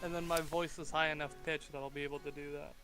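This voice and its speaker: A man's voice: on the high side, flat delivery, fast, music in the background. A man chatting casually and joking as a co-streamer on a game stream. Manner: joking, banters, breaks into laughter.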